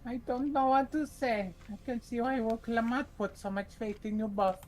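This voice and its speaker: Fan-dub old grandma, gentle and thankful, a man faking it over light music. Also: very high-pitched, fairly even intonation, moderate pace, voice pushed up, rough recording. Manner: soft, pleading old-lady voice. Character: doddering old woman, gentle and grateful.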